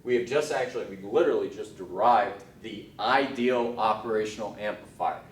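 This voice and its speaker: A man's voice: lowish voice, normal speed, recorded from a distance. A man giving a recorded engineering lecture, casual and thinking aloud as he works through a derivation. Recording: echoey room, off-mic.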